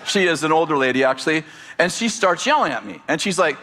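A man preaching a sermon, animated and joking as he tells stories to his congregation. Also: a little high, quick pace, slight background noise. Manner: animated, storytelling with humor and asides. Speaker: pastor.

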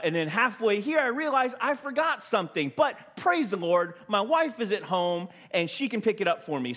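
A high-voiced man preaching a Sunday sermon to his congregation. He tells stories animatedly, jumping into his own voice and others' as he recounts them. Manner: animated storytelling, acting out his own quoted reactions. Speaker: pastor. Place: church.

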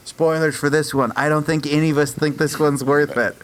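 A man's voice: fairly high pitch, fairly even intonation, brisk. A man hosting a podcast, chatting casually with his co-hosts and laughing easily. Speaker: podcast host. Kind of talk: casual chat.

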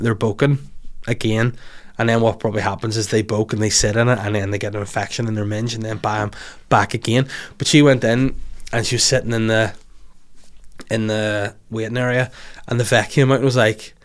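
A young man with a Northern Irish accent, hosting a podcast and telling a rambling, crude story in casual chat. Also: fairly low pitch. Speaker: podcast host.

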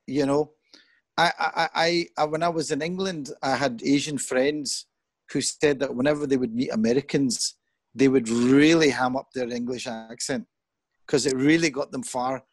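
A middle-aged man talking in an earnest, thoughtful way as an interview guest. He grows animated when he quotes other people. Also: medium pitch, moderate pace, no echo. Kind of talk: reflective conversation.

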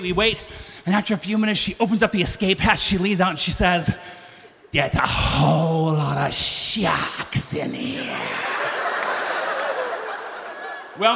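A man telling a funny personal story live on stage, animated and acting out other people's voices. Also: a little hiss or hum. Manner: animated, acts out voices with big pitch jumps. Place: stage before a live audience. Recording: live stage recording with long reverb.

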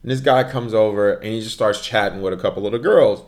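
A man telling a story in casual chat as a podcast co-host, animated and full of fillers. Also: on the low side, fast talker.

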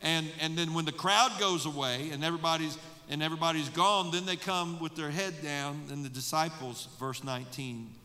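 Male pastor, forceful bright tone, slightly high voice, emphatic Bible study sermon, long church reverb. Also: moderate pace, hardly any pauses. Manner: emphatic, with rhetorical questions to the congregation. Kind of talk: preaching at a midweek Bible study. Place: church sanctuary. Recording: long reverb of a large room.

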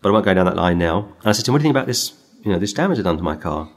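Racing and very animated, this middle-aged preacher works through scripture readings and stories with emphasis, his voice rising high on the verses.

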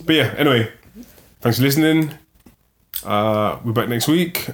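A man's voice: medium pitch, moderate pace. A man hosting a podcast, chatting casually and rambling a little before an upbeat sign-off. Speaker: podcast host. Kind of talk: casual chat.

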